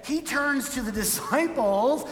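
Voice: sits high, expressive, a little slow, fairly bright tone. Conversational preacher in a reverberant hall. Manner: conversational, tags points with "right?"; acts out quoted voices for emphasis. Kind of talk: sermon.

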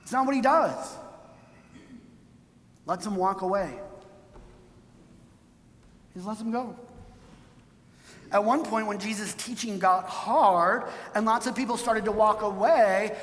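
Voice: mid-range voice, takes it slowly, pauses often, a bit bright. Casual, chatty preacher, mid-range voice, long reverb of a large hall. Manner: conversational, tags points with "right?"; acts out quoted voices for emphasis. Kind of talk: sermon.

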